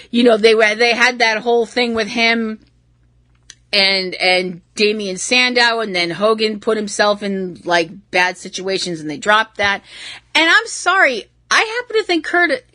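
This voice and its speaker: A woman hosting a show, chatting casually about pro wrestling with blunt, animated rants and frequent swearing. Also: a little high, no echo. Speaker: podcast host.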